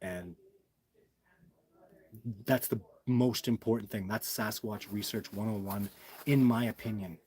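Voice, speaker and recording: An emphatic man with a warm, medium-pitched voice hosts a casual livestream and answers the viewer chat. He tends to repeat himself and calls viewers "guys."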